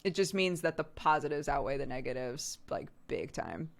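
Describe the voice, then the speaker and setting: This live-stream host has a low, creaky voice that is very animated and moves at a moderate pace. Her talk is casual and candid, full of frequent laughter with the occasional curse.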